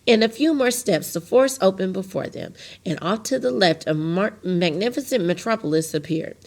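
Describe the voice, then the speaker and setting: A woman reading a chapter of a novel aloud to a class, steady and plain, with small slips. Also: mid-range voice, normal speed.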